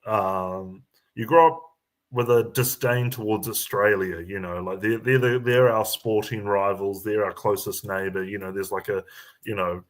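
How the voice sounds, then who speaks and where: Man, New Zealand accent, lowish voice, casual chat, full of ums and restarts. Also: fairly even intonation. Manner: halting, many fillers and restarts.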